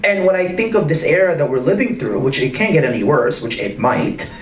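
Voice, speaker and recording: A man speaking to a live audience in an arts center, emphatic and full of rhetorical questions, his pitch swinging widely. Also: very animated, brisk. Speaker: guest speaker in a public conversation. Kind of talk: animated talk to a live audience. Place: arts center event space. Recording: roomy and distant with faint noise.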